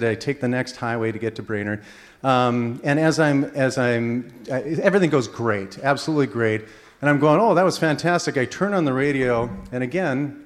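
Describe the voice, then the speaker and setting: Man, from Minnesota, speaking to an audience, anecdotal storytelling, animated, halting fillers. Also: mid-range voice. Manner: animated anecdotal delivery with many fillers and restarts. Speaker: speaker at a faith-based presentation.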